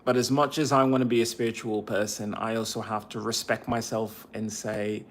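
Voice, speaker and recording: Halting man venting on a phone. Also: lowish voice, little pitch movement, slight background noise. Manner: halting, repeats phrases, venting. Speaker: veteran livestream podcaster. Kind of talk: casual livestream monologue. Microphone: cell phone.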